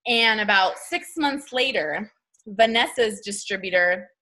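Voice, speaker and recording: Speaking at a measured pace in a mid-range voice, a woman who leads a network marketing team pumps up her sales team. Her bright, forceful delivery is blunt and slangy, and she keeps performing small scenes in different voices.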